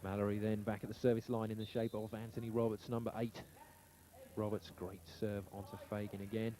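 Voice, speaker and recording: A male play-by-play commentator with a mid-range voice, calling the action in brisk, excited bursts. His voice comes through an old television broadcast with clear background noise. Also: mid-range voice. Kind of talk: live sports commentary.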